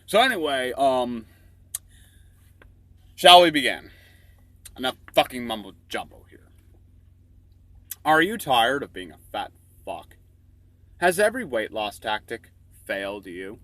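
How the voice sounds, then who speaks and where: A man talks through his own illustrated story in crude, profane comic commentary, rambling with plenty of fillers. His pitch swings in a lively way and his tone is bright and forward, in a dry, close recording. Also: measured pace, long pauses, no echo.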